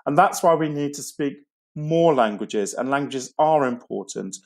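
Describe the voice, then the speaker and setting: A man's voice: mid-range voice, expressive, normal speed. A man giving an online school assembly talk, chatty and rambling with frequent fillers and restarts.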